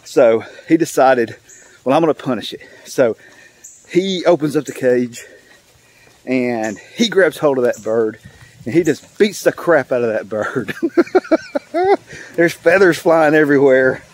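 A man's voice: medium pitch, big pitch swings. An older man telling a joke in a casual, rambling way, full of fillers and repeats. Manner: rambling, drawn-out storytelling with many fillers. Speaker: channel host.

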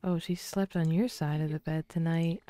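Soft-spoken woman narrating a life sim. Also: sits low, fairly even intonation, normal speed, dry recording. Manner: soft-spoken, often half-whispering. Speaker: let's play creator. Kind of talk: casual gameplay commentary.

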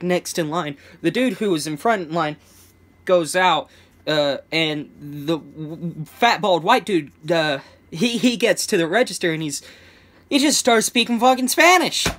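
A man's voice: fairly high pitch, expressive, normal speed, fairly bright tone. A young man telling a casual storytime vlog, rambling with many restarts and stammers, chuckling between phrases. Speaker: vlogger.

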